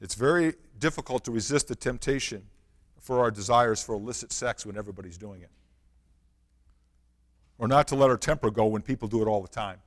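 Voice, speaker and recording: A man's voice: fairly low pitch, fairly quick, pauses often, in a large hall. A man preaching a sermon, reading scripture and asking the congregation earnest rhetorical questions. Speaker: pastor.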